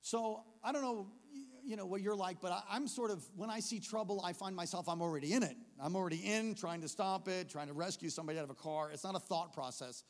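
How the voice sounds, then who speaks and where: A man preaching a storytelling sermon at a church service, animated, swinging from hushed narration to shouting. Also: sits high, fast, hardly any pauses, big-room sound. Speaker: pastor.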